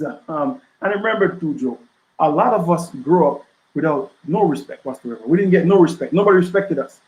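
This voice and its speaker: A man speaking as an author and guest on a casual podcast. His voice sits somewhat high for a man, and he drives his points home with rhetorical questions and a running "right?". The recording has a noticeable room echo. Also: lively intonation, brisk, darkish tone.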